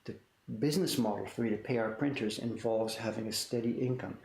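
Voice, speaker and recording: A man's voice: medium pitch, fairly quick, darkish tone. A man in his sixties running a print shop, chatting casually on a livestream and answering viewer questions. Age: 60s. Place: workshop. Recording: echoey room, faint noise.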